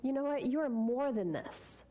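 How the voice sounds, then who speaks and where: Lady doing a calm zen master, slow and gentle. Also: high voice. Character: calm kind elderly male Zen master.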